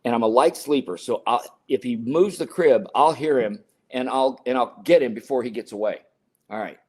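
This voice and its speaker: An older man in his sixties tells a story as a podcast guest. He speaks at a middle pitch and brings each quoted line to life as he acts it out. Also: moderate pace. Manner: animated storyteller acting out quotes. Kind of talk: storytelling interview.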